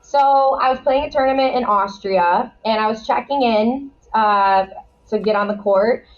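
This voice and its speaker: A woman talks as a podcast guest, spinning a story with lively energy. Her voice sits a bit high. The audio is slightly muffled and lo-fi. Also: measured pace, a little hiss or hum. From United States. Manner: lively storyteller, laughs easily. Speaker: guest, former wheelchair tennis player. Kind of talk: casual podcast interview.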